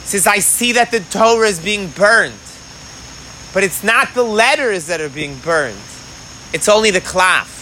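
A man's voice: high-pitched, expressive, unhurried, bright, forceful tone, slight background noise, low-quality recording. A man teaching a Talmud class outdoors in the rain. He talks with animation, asks rhetorical questions and mixes in Hebrew and Aramaic phrases. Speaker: Torah teacher.

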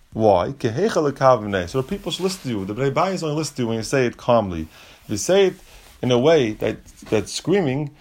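A man's voice: medium pitch, a little mellow. A man teaching a Talmud lesson, reading Aramaic and Hebrew phrases and restating each point step by step in plain English.

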